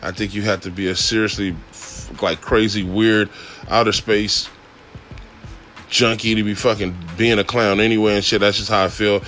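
A man telling a long story in a casual, laid-back way, full of swearing and laughter, his voice jumping up whenever he gets excited. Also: moderate pace, faint music behind. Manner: profane, laid-back, laughs often, pitch jumps when excited. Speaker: podcast host telling a driving story.

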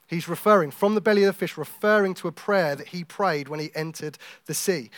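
Joking preacher, close dry sound. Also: male voice, high-pitched, brisk, few pauses, no echo. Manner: conversational and joking, with quiet intense stretches. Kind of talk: sermon.

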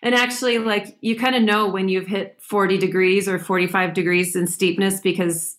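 A woman being interviewed, talking in a relaxed, chatty way and laughing often. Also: mid-range voice, normal speed. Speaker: podcast guest, ski mountaineer. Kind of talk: casual interview chat.

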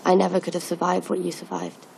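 A hardened young female assassin in a TV drama, blunt and cool. Her low voice is deeply gravelly and dark. She keeps her words short and flat. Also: fast talker, slight background noise, poor audio. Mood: quiet, blunt. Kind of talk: TV drama dialogue.

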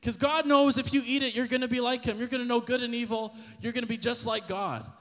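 A man's voice: very high-pitched, fairly even intonation, quick pace. A man doing a sly coaxing serpent. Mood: persuasive. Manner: casual, coaxing, modern slang. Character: sly tempting male serpent, persuasive. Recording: long reverb.

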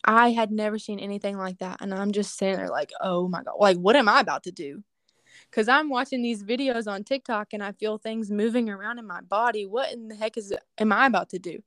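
A woman earnestly telling a personal testimony in casual conversation, animated and full of casual fillers. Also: medium pitch, fairly quick, hardly any pauses, dry recording, clean studio sound. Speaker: guest sharing a testimony.

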